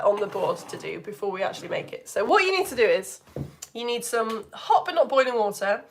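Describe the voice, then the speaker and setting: A woman's voice: a little high, slight background noise. A woman teaching a live online science lesson in a chatty, enthusiastic way, asking the viewers questions as she goes.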